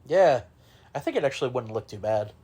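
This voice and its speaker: A man's voice: mid-range voice, lively intonation, fairly quick, a crowd in the background. A young man co-hosting a podcast, chatting casually and emphatically about sports. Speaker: podcast co-host.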